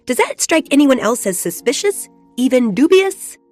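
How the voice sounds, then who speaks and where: An authoritative asura mentor in a fantasy game. Her voice sits a little high and she hands out orders briskly. Soft music plays underneath. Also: big pitch swings. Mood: commanding. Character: commanding female asura mentor. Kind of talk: video game voice acting.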